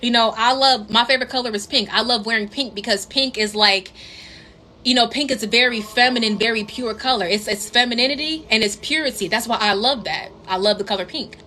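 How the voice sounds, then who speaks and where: Woman, bright, higher-pitched, chatty spiritual advice, faint background hiss. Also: fairly quick. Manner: chatty, repeats herself, addresses viewers as queens. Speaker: tarot reader and spiritual coach. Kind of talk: casual tarot reading monologue to viewers.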